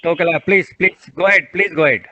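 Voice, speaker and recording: A man moderates an online session as a webinar moderator, patiently asking a participant again and again to speak. His voice is a little high, fast, pushed and bright, with no room sound. The video call audio comes through dull and muffled.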